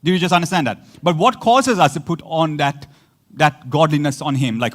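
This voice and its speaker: Guy preaching in a loose chatty way, slightly high voice, laughs a lot, does little voices for quotes. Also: moderate pace, fairly bright tone. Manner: conversational, laughs often, acts out quotes. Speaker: pastor. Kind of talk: sermon.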